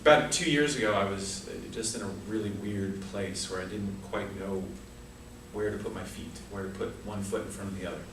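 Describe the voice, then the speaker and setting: A man's voice: fairly low pitch, steady tone, brisk, fairly bright tone, a little hiss or hum. A man giving a prepared humorous speech at a speaking club, telling a story with comic asides. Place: club meeting room. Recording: echoey room from far off.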